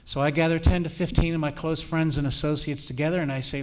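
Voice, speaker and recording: Middle-aged male officer, fairly high voice, earnest and direct; lecturing on safety, keeps checking in with the room. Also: steady tone, fast. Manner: earnest, direct, often checks in with "all right?". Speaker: campus police officer and trainer.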